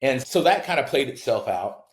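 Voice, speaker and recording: Animated male builder telling stories, roomy sound. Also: moderate pace. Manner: animated storyteller who acts out quoted people with big jumps in pitch. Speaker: home builder, podcast guest. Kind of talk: casual storytelling in a podcast interview.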